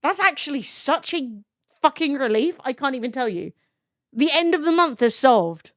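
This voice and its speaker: A woman's voice: high-pitched, animated, normal speed, no room sound, studio quality. A young woman live-streaming, chatting casually with her chat, swearing freely and laughing often.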